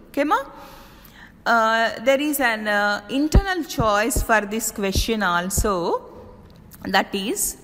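Slow, lively Indian woman teacher. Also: a little high, long reverb tail, poor audio. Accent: Indian English. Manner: slow, deliberate reading of word lists. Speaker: college English teacher. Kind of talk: recorded online lecture.

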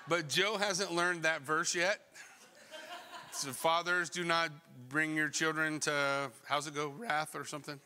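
Bright-voiced preacher man in a reverberant church. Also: fairly high pitch, smooth. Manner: animated, conversational preaching with rhetorical questions. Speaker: pastor. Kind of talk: sermon. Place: church sanctuary. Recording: long church hall reverb.

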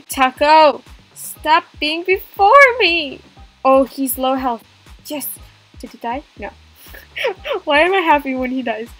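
Female gamer, high voice, gaspy and jokey, easygoing pace. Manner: excitable, gasping, jokey. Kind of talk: playful game commentary.

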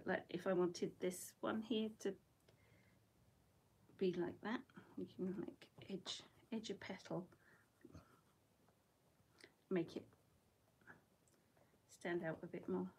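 A woman's voice: on the low side, a little mellow, slightly rough. A middle-aged woman chatting casually while she paints in her bedroom, rambling and laughing often. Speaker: watercolour artist.

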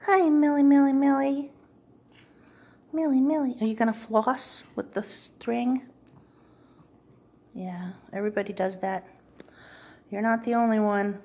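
A woman cat sitter with a warm, slightly rough, mid-range voice coos in baby talk to a cat in a client's home, sometimes dropping to a whisper. She's filming on her phone with the camera pointed at the floor.

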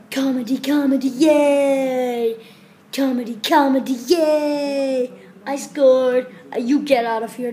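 A high-pitched woman with a mellow, rounded tone, hamming through an improvised comic skit. She rambles in quick, silly bursts and breaks into squealed whoops of celebration. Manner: hyper, silly, rapid rambling with squealed cheers. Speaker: comedy video maker.

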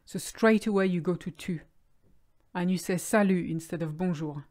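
A woman teaching French vocabulary in a clear, explanatory way, slowing down on key words. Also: fairly low pitch, a little mellow. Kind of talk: language lesson.

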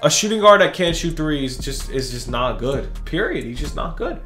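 A young man doing casual, excitable commentary for a gaming video, slangy and hyped, jumping between shouting and muttering. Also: on the high side, normal speed, reverberant, faint music behind. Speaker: gaming YouTuber. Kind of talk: casual pack-opening commentary.

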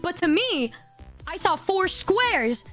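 A woman's voice: very high-pitched, sing-song, slow pace, a bit bright, faint music behind. A woman in her twenties streaming, telling a story in casual chat, giggly and swearing freely, often stammering and repeating words. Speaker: vtuber streamer.

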